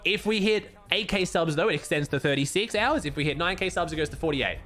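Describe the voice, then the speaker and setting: A man's voice: fairly high pitch, animated, fast, a bit bright. A young Australian man streaming casually, laid-back and cursing freely as he thanks viewers and comments on the game.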